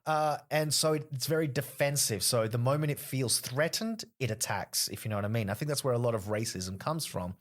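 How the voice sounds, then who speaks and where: An Australian man in his thirties, talking through a casual podcast chat. He tells stories with energy and jumps into the voices of the people he quotes. His pitch sits in the middle range for a man. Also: brisk, hardly any pauses. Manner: animated storyteller who acts out quoted people. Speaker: podcast guest, comedian.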